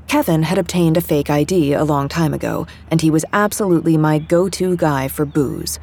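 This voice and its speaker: Low husky young woman narrating. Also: normal speed, few pauses, darkish tone. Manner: wry, conversational first-person storytelling. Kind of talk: scripted fiction narration.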